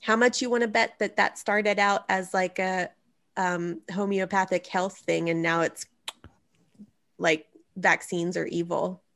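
Female podcast host, creaky voice, unhurried, teasing and wry. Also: lowish voice, fairly even intonation, a bit bright. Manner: wry, teasing, thinks aloud while searching. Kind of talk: casual chat.

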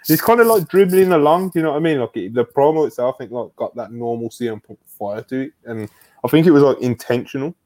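A man's voice: mid-range voice, fast talker. A man co-hosting a wrestling podcast, telling it casually with lots of slang and swearing. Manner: animated, slangy, swears a lot, says "bro" often. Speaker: podcast co-host. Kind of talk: casual wrestling review chat.

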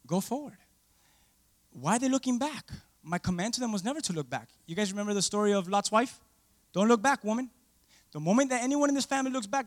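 A man preaching a sermon, calling out to the congregation for responses and swinging between loud exclamations and hushed asides. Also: high-pitched. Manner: animated, asks the congregation for responses.

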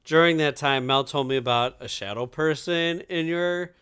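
A man's voice: a little high, normal speed, a bit bright, smooth. A man who is a podcast guest, easygoing in casual chat and laughing often.

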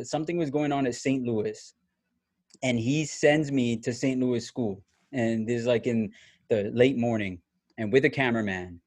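Animated man telling a story, dry sound. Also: medium pitch, dry recording. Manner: animated, laughing, many restarts and fillers. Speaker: former TV reporter telling a story. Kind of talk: casual storytelling chat.

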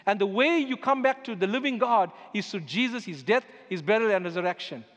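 A man's voice: high-pitched, expressive, a little fast, a bit bright. A man, a pastor, preaching a sermon with emphatic storytelling. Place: church sanctuary. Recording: echoey church hall with music underneath.

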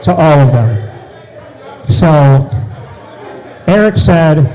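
A man telling an animated story as an interview guest, with loud excited bursts. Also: on the high side, unhurried, long pauses, rough recording.

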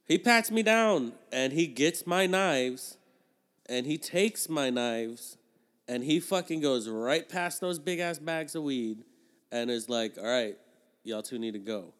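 A man of middle pitch telling a rambling story on a podcast. He swears freely and talks loosely, with plenty of fillers. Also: expressive, slow pace, a bit bright. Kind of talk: casual podcast chat.

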